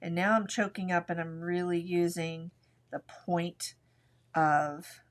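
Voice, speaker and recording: A woman leads a live coloring lesson from her craft desk, speaking in a relaxed, chatty way. She talks through every pencil stroke as she works, and her voice sits close to a desk mic. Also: on the low side, slow. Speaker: art instructor.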